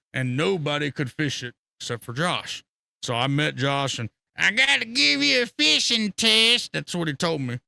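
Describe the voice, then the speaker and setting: A man telling fishing stories as a podcast guest, excitable and profane, laughing often. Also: mid-range voice, creaky. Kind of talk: casual storytelling.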